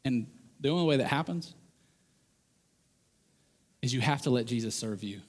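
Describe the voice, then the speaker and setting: A man preaching a sermon to men, earnest and animated, acting out the voices he quotes. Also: mid-range voice, moderate pace. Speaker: pastor.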